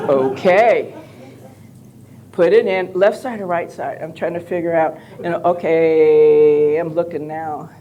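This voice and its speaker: An older woman on a live convention panel, telling animated, joking stories with some profanity. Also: fairly low pitch, takes it slowly, pauses often, lo-fi sound, a faint crowd, slight background noise. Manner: animated, jokey, profane anecdotes.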